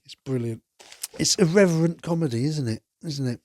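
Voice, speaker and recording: A man talks through a film on his podcast in a loose, enthusiastic ramble and drops the odd swear word. His voice sits at an ordinary male pitch. The recording is dry and close, with no room echo. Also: normal speed, darkish tone. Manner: enthusiastic, chatty, swears casually. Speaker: podcast host. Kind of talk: casual film review monologue.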